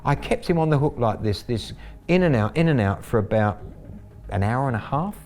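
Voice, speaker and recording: A man's voice: medium pitch, animated, moderate pace, darkish tone. A man telling his story as a scambaiter in a documentary, wry and gleeful in his anecdotal telling.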